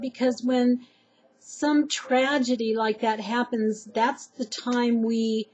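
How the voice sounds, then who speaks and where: A woman's voice: on the high side, a little slow, a little mellow, dull audio. A woman earnestly sharing personal life advice with her viewers, rambling a little with fillers and restarts. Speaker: vlogger giving advice. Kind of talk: heartfelt personal advice to camera.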